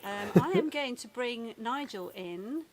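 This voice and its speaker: A woman's voice: fairly high pitch, animated, measured pace, crowd noise. A woman hosting a live stream from home. She chats casually and uses fillers like "um" and "like". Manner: chatty, with fillers like "um" and "like". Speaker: host.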